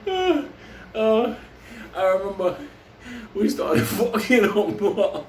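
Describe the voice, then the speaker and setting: A man's voice: high-pitched, big pitch swings, drawn-out words, long pauses, recorded from a distance, a little hiss or hum. A man telling a wild story in casual, profane talk, laughing often and acting out the voices of the people in it. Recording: roomy, off-mic with faint ambience.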